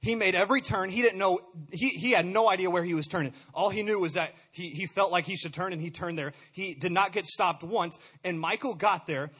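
Young man, high and husky, earnest testimony, stumbles and restarts a lot. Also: brisk, few pauses, fairly bright tone. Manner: earnest, stumbling over repeated words. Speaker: speaker sharing a testimony. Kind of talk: personal testimony.

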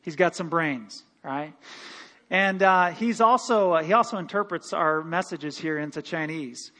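High-voiced pastor preaching in a reverberant hall. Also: male voice, a little slow. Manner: animated preaching with laughs and quoted voices. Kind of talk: sermon. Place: church sanctuary.

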